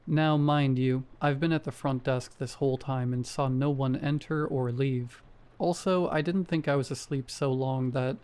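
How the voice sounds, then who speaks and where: A man reading a first-person horror story aloud in a steady storytelling manner. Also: mid-range voice. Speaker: story narrator. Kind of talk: scripted horror narration.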